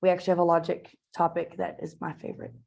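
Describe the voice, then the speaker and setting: A woman's voice: fairly low pitch, little pitch movement, fast talker, gravelly, darkish tone. A woman, teaching a math class in a classroom, chatty and informal with lots of asides and fillers. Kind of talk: classroom lecture.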